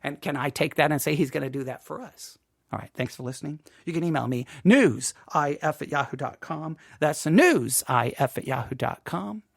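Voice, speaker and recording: A man's voice: fairly high pitch, lively intonation, moderate pace, creaky, dry recording, clean studio sound. An American man hosting a Bible podcast, talking casually in a rambling, self-deprecating way with many restarts. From United States. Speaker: podcast host.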